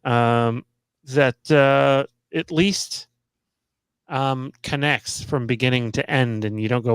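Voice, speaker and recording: A man on a casual podcast panel, talking in halting bursts with many fillers and restarts. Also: mid-range voice, clean tone, no room sound, poor audio.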